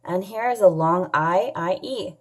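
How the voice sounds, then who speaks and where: A woman teaching a children's phonics lesson, sounding out letters and words clearly and patiently, asking questions and answering them herself. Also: lowish voice, measured pace. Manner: patient, asks and answers her own questions. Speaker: English teacher.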